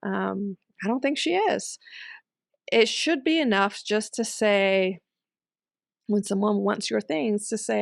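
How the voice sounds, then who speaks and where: Gravelly-voiced woman chatting in a dry room. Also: mid-range voice, takes it slowly, dry recording. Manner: chatty and thoughtful, with frequent ums and little laughs. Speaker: homeschool commentary host. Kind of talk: casual commentary reading and discussing an online post.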